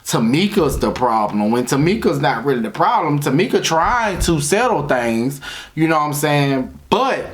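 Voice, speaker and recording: A man giving a casual, opinionated review of a reality TV episode, talking in slang with animated emphasis. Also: a little high, moderate pace. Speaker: TV show reviewer. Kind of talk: casual commentary.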